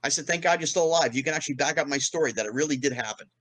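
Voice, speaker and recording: Animated middle-aged man telling stories. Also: on the high side, rapid-fire, rough recording. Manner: animated, acts out quoted voices. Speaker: podcast guest. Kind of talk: anecdotal storytelling.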